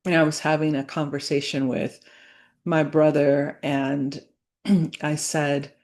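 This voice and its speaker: A woman speaking to camera in a reflective personal vlog, earnest and halting, with many fillers and restarts. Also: sits low, level tone, darkish tone. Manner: earnest, faith-centered. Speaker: business owner vlogging.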